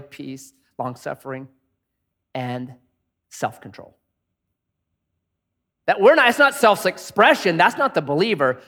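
A man's voice: a little high, a bit bright. A man preaching a sermon in a conversational way, asking many rhetorical questions and acting out angry inner voices. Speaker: pastor.

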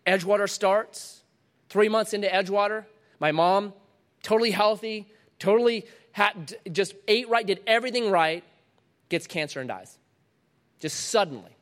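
A middle-aged man preaching a sermon to a congregation, dramatic, dropping to a hush and then rising loud again. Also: high voice. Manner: dramatic, swings from loud to hushed. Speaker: pastor.

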